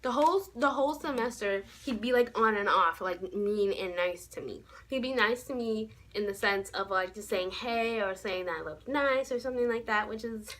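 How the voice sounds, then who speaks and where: A young adult woman vlogging, telling a casual story time in a sassy, animated way. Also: medium pitch, moderate pace, few pauses, poor audio.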